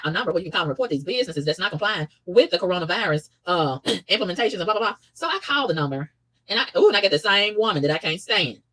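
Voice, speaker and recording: In a ranting monologue, a woman vlogger fires off complaints at speed, barely stopping for breath. Her exasperation shows in lively pitch leaps and dips.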